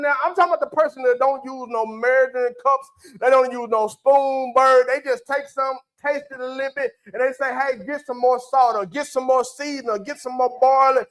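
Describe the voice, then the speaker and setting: A preacher, a man with a strikingly high voice, delivers a folksy sermon in church. He keeps breaking off to call on members of the congregation and to prompt them to answer back. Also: fairly bright tone, low-quality recording. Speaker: pastor.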